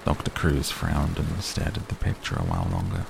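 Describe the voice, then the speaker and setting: A man narrating an audiobook in a steady, even reading. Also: extremely low pitch, moderate pace, creaky, hardly any pauses. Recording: noisy recording.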